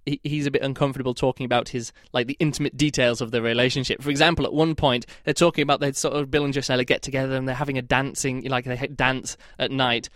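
A man's voice: mid-range voice, little pitch movement, fast, hardly any pauses, fairly bright tone, no echo, studio quality. A man giving a casual spoken book review in a rambling, hesitant way, with lots of "like" and restarted phrases.

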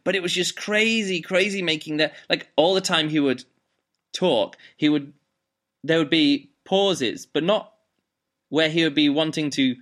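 A man hosting a casual book podcast, talking in a rambling, animated way into a laptop microphone. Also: a little high. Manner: rambling, animated, lots of fillers and restarts. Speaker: podcast host.

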